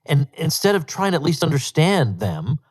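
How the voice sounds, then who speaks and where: A man's voice: fairly high pitch, very animated, moderate pace, a little mellow, breathy edge. A man hosting a solo podcast, talking emphatically and with disbelief, often repeating words for stress. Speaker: podcast host.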